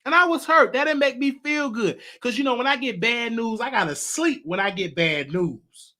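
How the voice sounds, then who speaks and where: Man, show host, casual monologue, very high voice, bright tone, repetitive restarts. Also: normal speed. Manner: animated, repetitive, stammering restarts.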